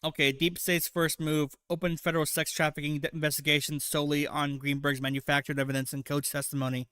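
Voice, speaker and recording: A man's voice: fairly high pitch, little pitch movement, fast, sharp tone, clear, resonant tone, no room sound, studio quality. A man hosting a casual livestream, reacting to clips with crude, sarcastic rambling. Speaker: livestream host.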